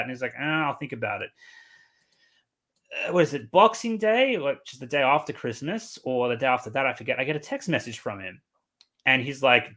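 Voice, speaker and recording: Bright-voiced man telling stories. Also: medium pitch, moderate pace. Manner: profane, animated storytelling. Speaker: podcast host. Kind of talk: casual podcast chat.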